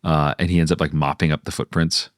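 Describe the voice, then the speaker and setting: A man co-hosting a storytelling podcast, pitching plot ideas casually with frequent fillers and pauses. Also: little pitch movement, no room sound, studio quality. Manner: hesitant, many fillers, jumps into high-pitched character voices. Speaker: podcast co-host. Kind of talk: casual brainstorming chat.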